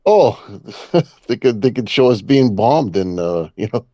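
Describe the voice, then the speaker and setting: A man from Canada co-hosting a podcast, talking haltingly in casual chat with many fillers and chuckles. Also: medium pitch, animated, dark tone, no echo. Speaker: podcast co-host. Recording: dull lo-fi sound.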